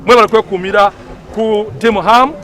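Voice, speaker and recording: A young man from Uganda, a former student and entertainer, giving a lively casual speech outdoors at a school event and talking straight to viewers. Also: high-pitched, moderate pace.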